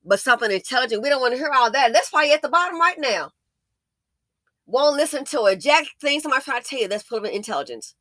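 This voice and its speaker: Woman, commentary host, angry rant, profane, scolding, tense bright tone, dry close sound. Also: high voice, expressive, fast talker, no echo.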